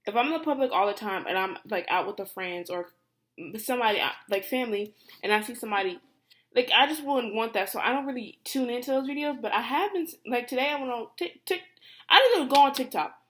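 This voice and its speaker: A young woman vlogger ranting casually to camera, animated and exasperated, with lots of fillers and free swearing. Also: on the high side, fast.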